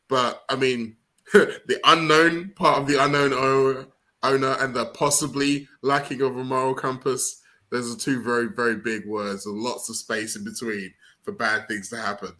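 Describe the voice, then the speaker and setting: Male guest with a bright, forceful voice who gives measured answers. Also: medium pitch. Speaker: special guest. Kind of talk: casual discussion.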